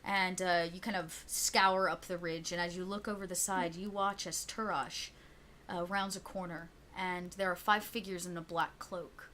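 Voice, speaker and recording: Woman running a tabletop game, chatty storyteller, bright tone. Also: lowish voice, fairly even intonation, normal speed, slight background noise. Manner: chatty, laughs often, many fillers. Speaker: game master.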